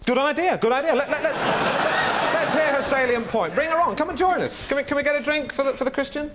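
A man's voice: very high voice, fast talker. An actor playing an awkward, self-important male chat show host who stammers and gets flustered, in 1990s TV sitcom acting. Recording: noisy old TV recording.

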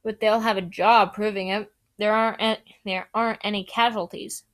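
A man's voice: high-pitched, flat delivery, moderate pace, fairly bright tone. A woman reading aloud, voicing a harried male wizard official who pleads urgently for a friend.

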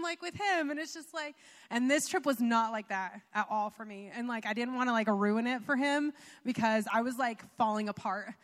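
A woman's voice: fairly high pitch, normal speed, fairly bright tone. A young woman giving a chatty, personal testimony during a sermon, full of fillers and little laughs. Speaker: pastor's wife sharing testimony. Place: church sanctuary. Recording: reverberant church hall.

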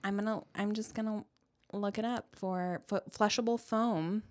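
A woman's voice: mid-range voice, fairly even intonation. Woman co-host, casual chat, giggly and teasing, mid-height voice. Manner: giggly, teasing, quick to laugh. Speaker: podcast co-host.

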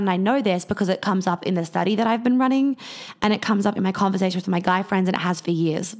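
A woman's voice: mid-range voice, quick pace, darkish tone. A woman speaking candidly to her viewers in a casual monologue, telling stories and swearing freely. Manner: candid, swears often, storytelling.

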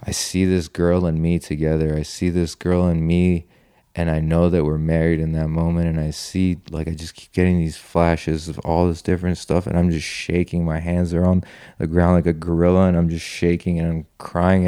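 Man, very low smooth voice, casual rambling storyteller, dry close sound. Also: flat delivery, moderate pace, dark tone, no room sound. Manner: rambling, heavy on "like" and "you know", swears casually. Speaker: guest telling his story.

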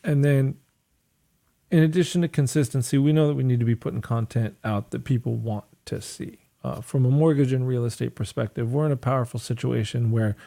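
A man hosts a podcast on mortgages and real estate and puts guided questions to his guest. His voice has a gravelly, creaky edge at a medium pitch. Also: a little fast, warm tone. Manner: asks guided questions, brief affirmations. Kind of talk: casual podcast conversation.

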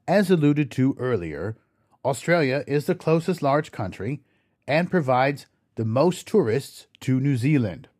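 Man explaining words slowly, lively pitch. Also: no room sound. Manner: slow, careful explaining, spelling words out letter by letter. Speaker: podcast host. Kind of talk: scripted educational narration.

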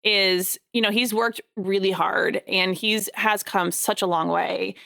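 A woman's voice: medium pitch, measured pace, gravelly. A woman in her thirties chatting casually, telling parenting stories and quoting herself to her kids. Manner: animated storytelling, quoting herself at length. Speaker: parent co-host. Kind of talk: casual chat.

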